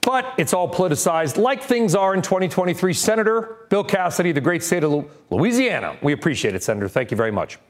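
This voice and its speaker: Male news anchor with a fairly high voice and lively, swinging pitch, brisk and animated as he runs the segments. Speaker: news show host. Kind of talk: cable news presenting.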